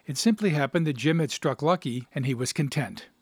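Measured male story reader, dry sound. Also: a little high, husky, no room sound. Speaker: narrator and host. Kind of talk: reading a short story aloud.

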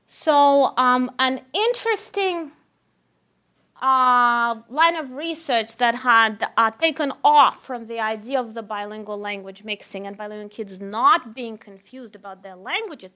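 A woman researcher with a Russian accent giving a lively lecture, addressing the audience as "my friends". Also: fairly high pitch.

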